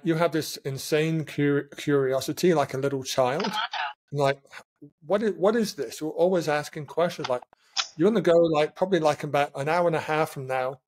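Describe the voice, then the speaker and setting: A man speaking as a podcast guest and SEO consultant over a remote call, telling stories in a rambling, animated way. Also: a little high. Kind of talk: casual podcast chat.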